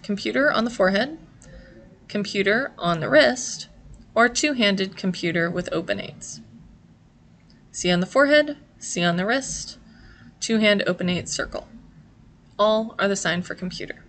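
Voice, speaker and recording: Woman instructor, clear and methodical, mid-range voice, talking through a lesson. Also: medium pitch, lively intonation, moderate pace, long pauses, fairly bright tone. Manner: clear, patient, step-by-step. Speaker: sign language teacher. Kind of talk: instructional explanation.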